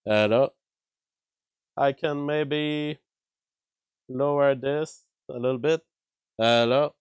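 A man's voice: fairly high pitch, steady tone, takes it slowly, clean tone, no echo, rough recording. Dry-voiced male stream commentator. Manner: analytical, thinks aloud with fillers and restarts. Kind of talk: live-stream commentary on an interview clip. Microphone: own mic with a compressor.

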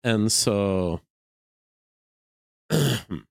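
A man from Quebec, a native French speaker with a Quebec French accent, hosting a live stream and thinking aloud in a measured way with frequent restarts. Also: fairly low pitch, animated, creaky, dry recording. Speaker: livestream host. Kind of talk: live-stream commentary, reading super chats.

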